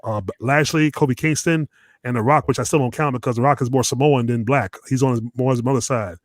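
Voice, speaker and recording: A man's voice: medium pitch, fairly even intonation, brisk, no echo. A man hosting a casual wrestling podcast, blunt and profane, often repeating words as he goes. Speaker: podcast host. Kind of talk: casual chat.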